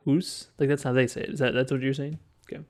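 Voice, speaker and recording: Brief: Western Canadian male streamer, gravelly, halting, rambling chat. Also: medium pitch, level tone. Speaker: streamer reacting to clips. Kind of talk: casual live-stream commentary.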